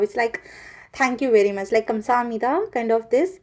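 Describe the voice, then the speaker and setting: A woman hosts a casual language lesson on camera, chatty and relaxed. She fills her talk with pauses and fillers, then snaps into quick sample phrases. Her voice sits on the higher side. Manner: switches into quick Korean example phrases. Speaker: language video host. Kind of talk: casual explainer.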